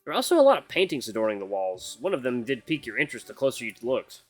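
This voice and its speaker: A man reading a visual novel aloud with playful, animated asides. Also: mid-range voice, rapid-fire, faint music behind.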